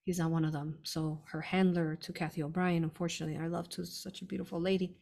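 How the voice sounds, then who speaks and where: Casual woman host, low-ish voice, laughs a lot, talks straight to viewers. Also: little pitch movement, fast, gravelly, a little mellow. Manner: chatty, laughs often, addresses listeners as "you all". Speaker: spiritual channeler hosting a live stream. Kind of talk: casual spiritual talk answering viewer questions.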